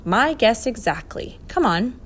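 A woman voicing a clever, kindly male professor in a storybook reading, brisk and reassuring. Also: on the high side, sing-song, a bit bright, exaggerated voice.

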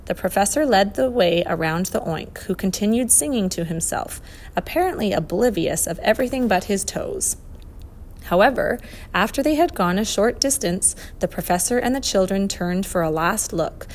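A woman narrating a children's storybook in a clear, even storytelling manner. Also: medium pitch, normal speed. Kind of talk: storybook reading.

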